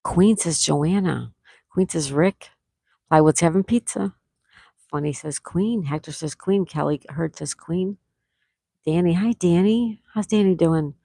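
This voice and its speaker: A woman hosting a live-stream trivia game, reading viewers' answers aloud and repeating each question slowly. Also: on the low side, creaky, mellow, dry recording. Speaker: trivia host.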